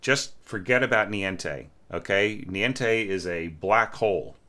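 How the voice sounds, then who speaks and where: A man's voice: fairly low pitch, takes it slowly, sharp tone. A man giving a casual, candid critique of an orchestration at home, humming musical passages and talking with many fillers. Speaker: orchestration teacher. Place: home room with a snoring cat.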